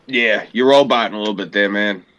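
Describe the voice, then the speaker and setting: A man's voice: lowish voice, fairly quick, a bit bright, no room sound, muffled recording. A man with a New York accent in a casual political chat, talking bluntly and with plenty of profanity.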